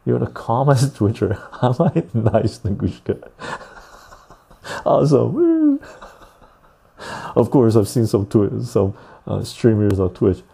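Calm gravelly-voiced man. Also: medium pitch. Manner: calm, unhurried, swears freely, laughs often. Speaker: podcast host reading live chat. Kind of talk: casual livestream chat.

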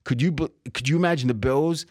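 A man's voice: fairly high pitch, fast, no room sound, studio quality. A man hosting a sports betting talk show, chatting casually about football and laughing often. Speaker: sports betting podcast host.

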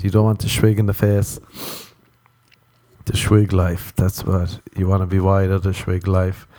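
Unhurried and level, his low-pitched voice has a mellow quality, captured at studio quality with no echo. The young Los Angeles man hosts a solo podcast, telling rambling stories laced with swearing and acting out others' lines.

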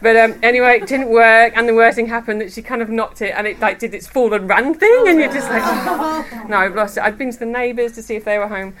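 A woman giving a devotional talk to a women's group, chatty and quick to laugh as she tells personal stories. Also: fairly high pitch, noisy background. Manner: chatty, laughs often while telling stories. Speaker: women's ministry speaker. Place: room with a gathered group.

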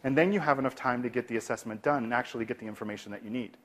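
With a mid-range voice and a racing pace, a clinician delivers an animated instructional talk about calming tense situations. He keeps slipping into a soft, steady tone to role-play his answers.

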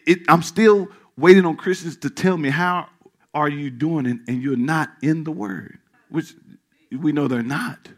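Preaching pastor, bright and swinging loud to hushed. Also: male voice, fairly high pitch. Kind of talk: sermon. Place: church.

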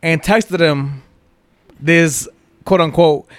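A man's voice: fairly high pitch, takes it slowly, clear, resonant tone, no echo. A man co-hosting a podcast, telling a prank story in casual chat and swearing freely. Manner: animated, acts out quoted voices, swears freely. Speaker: podcast co-host.

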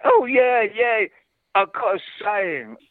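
Recorded dry with phone-quality sound, a high-pitched older man speaks slowly in a Cockney London accent. He's a guest actor from London, England, chatting casually and telling rambling stories with liveliness and many restarts.

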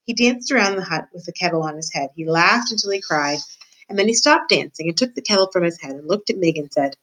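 A woman reads a children's novel aloud with steady, expressive storytelling. Her voice sits slightly low for a woman. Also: fast, rough recording. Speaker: reader.

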